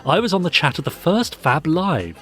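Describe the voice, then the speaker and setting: A man's voice: fairly high pitch, very animated, moderate pace, a bit bright, faint music behind. A man hosting a podcast, playfully reading out listener messages in casual chat. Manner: playful, upbeat reading aloud. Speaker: podcast host.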